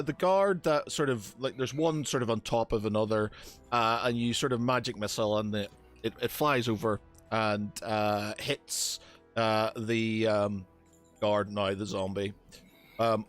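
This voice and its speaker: A man's voice: medium pitch, steady tone, unhurried, faint music behind. A man narrating a tabletop game as game master, hesitant with many fillers and restarts.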